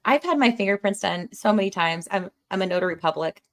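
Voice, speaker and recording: Woman, podcast host, laughs a lot, lively storyteller. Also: mid-range voice, fast. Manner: animated, laughs often, talks with her hands. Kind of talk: casual podcast chat.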